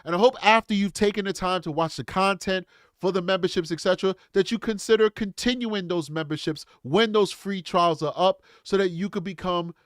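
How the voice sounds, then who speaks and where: A man's voice: high-pitched, a little fast, smooth, no room sound, studio quality. A man hosting a live true crime stream, reacting bluntly and casually, often calling the audience bro and man. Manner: animated, blunt, calls listeners bro and man.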